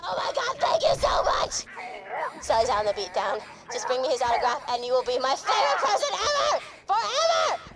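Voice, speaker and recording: A shrill, squeaky little girl, hyperactive and wildly excitable, gushing and pleading in a game. Her voice sits extremely high throughout. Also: normal speed, heavy background noise. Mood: ecstatic. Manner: squealing, begging, over-the-top excitable. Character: hyperactive explosive-loving young girl. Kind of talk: video game voice acting.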